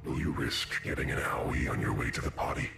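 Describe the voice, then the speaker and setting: A man playing a sinister, taunting puppet-master killer in a parody video, with slow mocking menace. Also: rumbling low, vocal fry. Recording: loud music under voice.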